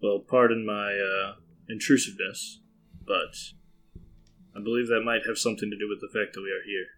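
Man tabletop player, inquisitive, bright and forceful, low pitch, faint music. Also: fairly even intonation, normal speed. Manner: polite, inquisitive.

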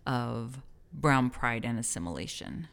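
A woman's voice: extremely low pitch, expressive, measured pace, vocal fry. A woman co-hosting a podcast, speaking thoughtfully with small hesitations. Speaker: podcast co-host. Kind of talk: casual podcast chat. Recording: reverberant room.

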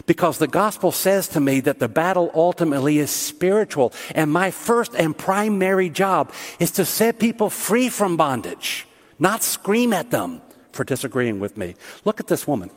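A man's voice: a little high, lively intonation, normal speed. A middle-aged man preaching a sermon as pastor, talking to the congregation in a conversational way that builds to emphatic peaks. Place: large church hall. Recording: long hall reverb.

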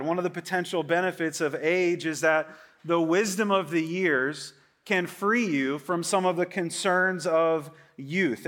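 A man in his late thirties, a pastor preaching a sermon in a relaxed, conversational way, joking and often asking his listeners "right?". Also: sits high. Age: 30s.

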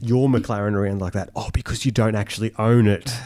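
A man's voice: fairly low pitch, steady tone, a little fast, warm tone. A man co-hosting a casual chat, reading out a thread and mocking it sarcastically. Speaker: podcast co-host.

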